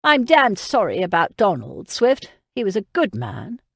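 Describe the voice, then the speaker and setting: A woman voicing a serious aristocratic gentleman in an audiobook, speaking in a sober tone. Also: high-pitched, wildly swooping pitch, unhurried, vocal fry, dry recording, studio quality, exaggerated voice.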